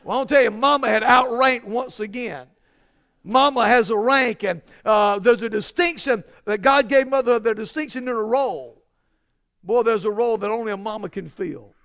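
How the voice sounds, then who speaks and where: A man's voice: high voice, a bit bright. A man preaching a sermon, emphatic and repetitive, with frequent restarts and building stress.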